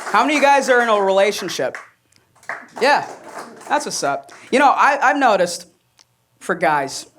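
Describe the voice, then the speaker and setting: A man's voice: high-pitched, slight background noise. A young man performing a stand-up comedy set, telling stories and acting out quoted voices. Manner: animated storytelling, acts out quoted voices. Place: comedy club stage with audience laughter.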